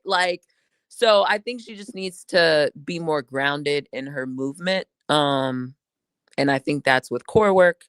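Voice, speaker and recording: A woman with a somewhat low voice talks basketball in loose, profane chat. She acts out players' reactions as she breaks down plays. The sound is dry and close. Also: measured pace, a bit bright, clear, resonant tone, no room sound. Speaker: sports podcast co-host.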